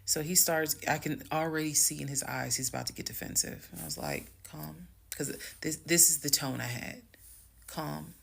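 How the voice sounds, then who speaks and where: A woman telling her own story to viewers in a frank, chatty way, going calm and hushed when she retells a conversation. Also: sits low, a little fast, creaky, few pauses, husky. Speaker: storytime creator. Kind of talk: casual storytime monologue.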